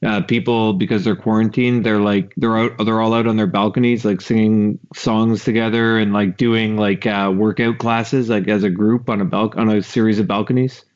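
A man's voice: on the low side, level tone, normal speed, few pauses. A man co-hosting a casual podcast, cracking jokes and rambling through stories. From Quebec, Canada. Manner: joking, rambling storyteller. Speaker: podcast co-host. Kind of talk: casual chat. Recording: dull lo-fi remote audio.

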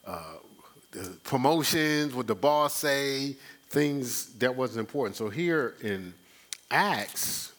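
A man pastor teaching a conversational sermon, animated, acting out quoted exchanges with a rising voice and chuckling between points. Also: mid-range voice, slow. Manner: frequent fillers and restarts, chuckles.

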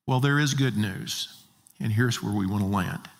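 A man's voice: on the low side, normal speed, gravelly. A man preaching a sermon as a pastor, emphatic and full of rhetorical questions. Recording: long reverb of a large hall.

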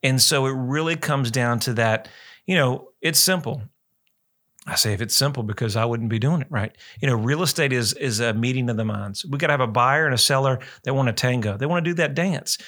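A man's voice: medium pitch, fairly quick. A man hosting a real estate radio show, chatting in a rambling, casual way. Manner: rambling, chatty, animated quoting. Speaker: radio show host, realtor.

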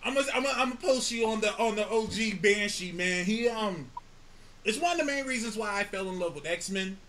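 A man with a high, bright voice co-hosting a casual podcast chat. His pitch swings widely as he talks. He laughs often and swears freely. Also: lively intonation, a little fast, a little hiss or hum. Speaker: podcast co-host.

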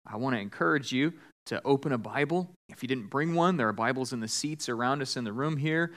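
A man preaching a sermon as pastor, telling a joke with lively voices for the characters in a church sanctuary. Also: mid-range voice, fairly quick. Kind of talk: sermon with storytelling.

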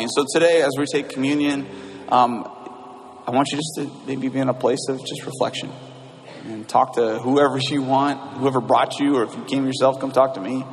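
A man's voice: mid-range voice, fairly even intonation, noisy background. Earnest male pastor in echoey hall. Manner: earnest, halting with restarts. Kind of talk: sermon and communion prayer. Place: church sanctuary.

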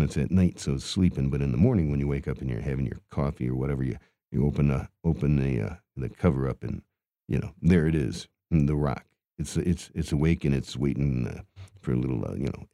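A man doing a gravelly, grumbling carnival vendor. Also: a bass voice, mellow, no echo, studio quality. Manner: mumbling, stammering, groaning sighs. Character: hapless grumbling male carnival cotton candy vendor. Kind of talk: improvised character monologue.

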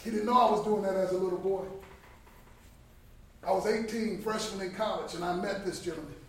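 A man in his fifties giving an impassioned motivational sermon at a Bible study, emphatic, swinging from hushed to loud. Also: high-pitched, fairly even intonation, brisk. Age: 50s. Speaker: guest speaker at a Bible study. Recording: very echoey room, distant mic, faint background noise.

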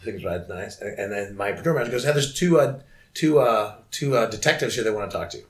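A middle-aged man telling a long story as a podcast guest, animated and profane, often stumbling and restarting his words. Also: fairly low pitch, a little fast. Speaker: guest musician. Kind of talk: casual storytelling.

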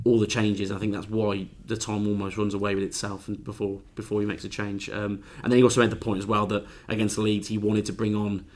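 A football reporter talks in a low, flat voice, quick but halting, with restarts and fillers. He sounds casual. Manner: hesitant, with many ums and restarts. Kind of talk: casual chat.

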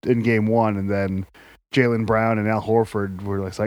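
A man's voice: lowish voice, little pitch movement, moderate pace, no room sound. A man co-hosting a podcast, chatting about basketball in an offhand way and swearing casually. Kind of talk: casual sports chat.

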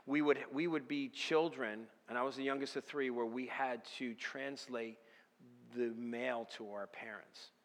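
A man preaching an earnest sermon as a pastor, moving between fervent declarations and quiet personal confession. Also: medium pitch, fairly even intonation, a little slow. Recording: long reverb of a large hall.

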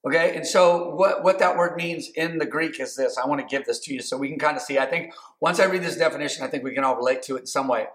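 A man's voice: fairly high pitch, quick pace, few pauses, a bit bright. A man preaching a sermon as pastor, talking in a loose conversational way with many fillers and restarts. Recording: echoey room.

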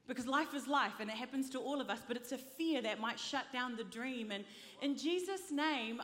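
A woman preacher with a high-pitched, slightly bright voice delivers an impassioned sermon, urging the congregation to repeat after her. The large church hall gives the recording a long reverb.

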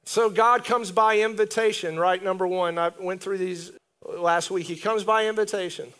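High-voiced man preaching animatedly. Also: normal speed, clear, resonant tone. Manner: conversational, animated preaching with asides and laughs. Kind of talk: sermon.

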